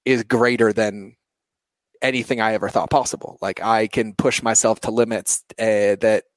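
A man's voice: lowish voice, steady tone, normal speed, no room sound. A man in his thirties, an entrepreneur talking earnestly about his life, full of "like" and "you know". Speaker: entrepreneur guest. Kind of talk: reflective personal interview talk.

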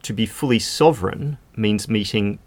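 A man's voice: fairly low pitch, normal speed. A man speaking as a legal expert guest in a podcast conversation, explaining at length with casual fillers.

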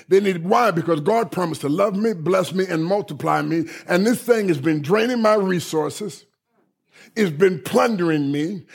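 Middle-aged male preacher, husky and raspy, emphatic sermon delivery. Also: high voice, moderate pace. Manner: emphatic and repetitive, often checking listeners are following.

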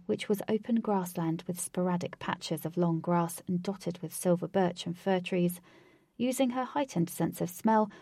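A woman narrating a storybook in a steady, descriptive reading. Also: fairly low pitch, dry recording, clean studio sound.

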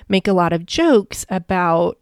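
A woman's voice: lowish voice, animated, a little slow, smooth, no room sound, clean studio sound. A woman hosting her own podcast as a life coach, telling stories in a chatty, upbeat way. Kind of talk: casual solo podcast monologue.

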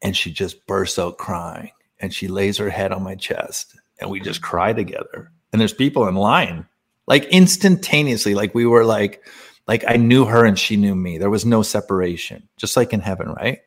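A man with a slightly low voice talks as a podcast guest. He tells a personal spiritual story in an earnest, casual way. He laughs often and fills his speech with "like.". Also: normal speed. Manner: earnest, laughing, many fillers.

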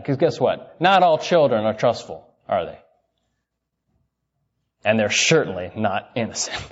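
A male preacher delivers a sermon at a mid-range pitch, hammering his points with repeated phrases and rhetorical questions. The sound is slightly dull and muffled. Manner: emphatic, repeats key phrases, asks the listeners questions.

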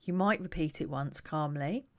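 A woman who coaches parents, talking to camera in a calm, reflective, conversational way. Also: deep voice, normal speed.

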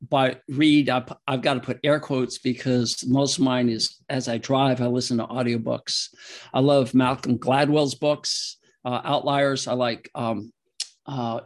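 A man, a veterinarian and author, answering interview questions casually with rambling, emotional anecdotes and frequent laughter. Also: medium pitch.

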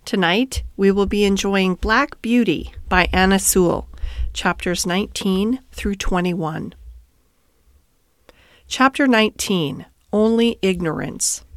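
A woman hosting and reading a bedtime story aloud in a calm, measured way. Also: medium pitch, no room sound, clean studio sound. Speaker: host and storyteller.

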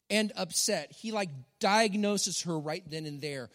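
High-voiced male pastor in a reverberant hall. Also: a little slow, hardly any pauses. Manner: animated, dramatic storytelling with emphatic repetition. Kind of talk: sermon.

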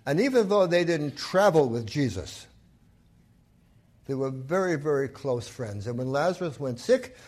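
A man's voice: medium pitch, a little mellow. A man preaching a sermon, retelling a Bible story and voicing its people with emphatic, acted-out quotes. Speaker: pastor.

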